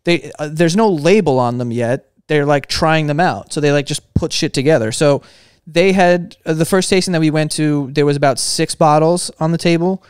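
Man, podcast guest, a bit high-pitched, smooth clear voice, close dry mic, jokey banter with lots of laughs. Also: moderate pace, no room sound. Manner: joking, laughs often, swears freely.

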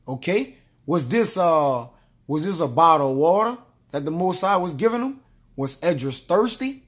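A man's voice: a little high, sing-song. Man preaching, tagging lines with "man". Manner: tags nearly every line with "man" and "all right?"; reads scripture aloud slowly. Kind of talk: scripture teaching sermon.

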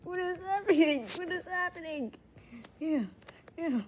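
A woman's voice: extremely high pitch, measured pace, darkish tone, slight background noise. A woman voicing a silly, childish talking axolotl that giggles and repeats words over and over in a playful comedy skit. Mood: giddy.

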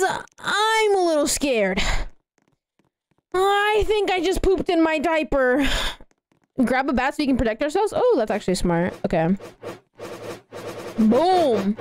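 A young woman in her late teens with a girlish, childlike voice, chatting excitedly and giggling as she streams a game and thanks donors. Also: a little high, dry recording. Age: young adult. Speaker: live streamer. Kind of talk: casual livestream gaming chatter.

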